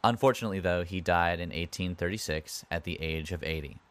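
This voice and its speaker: A man's voice: low voice, a little fast, a bit bright. A man hosting a podcast, retelling history in a casual way with wry asides and conversational comments. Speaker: podcast host.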